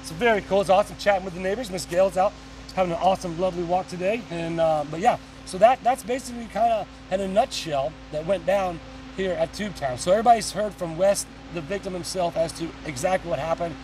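A fast-talking man hosts a casual vlog outdoors, chatty and quick with opinions. His voice sits a little high and is picked up from some distance, with faint outdoor noise behind it. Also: a little mellow. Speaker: host of the channel. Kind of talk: casual on-location vlog talk.

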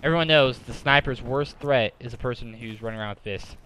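A man giving casual gameplay commentary in an excitable way, breaking into exasperated outbursts. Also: medium pitch, brisk, slight background noise. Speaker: gaming commentator. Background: game music and sounds.

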